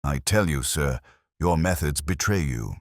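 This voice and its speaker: A man playing a Victorian detective who speaks in a cold, cutting, measured way. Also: a bass voice, animated, dry recording, studio quality, heavily acted. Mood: accusing.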